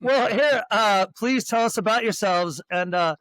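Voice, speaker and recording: A man's voice: sits high, a little slow, a bit bright, dry recording, studio quality. A man hosting a horror podcast, chatting casually and joking around in a rambling way. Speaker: podcast host.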